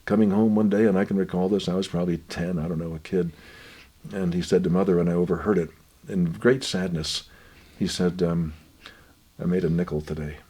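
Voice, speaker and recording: An older man gently telling family stories in an unhurried, reflective way, his voice often dropping quiet. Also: low-pitched, fairly even intonation, slightly rough. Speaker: guest author.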